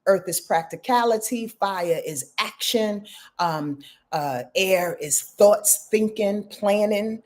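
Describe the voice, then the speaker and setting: A woman in her fifties, an astrologer hosting a live reading, talking in a rambling, heartfelt, expressive way. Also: medium pitch. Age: 50s. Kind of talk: casual live talk.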